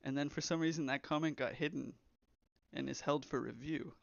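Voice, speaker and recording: Young man, gravelly, slightly high voice, casual stream chat, rambling. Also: fairly quick, dry recording. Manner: rambling, reads chat aloud. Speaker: game developer streamer. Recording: slightly dull, lo-fi stream audio.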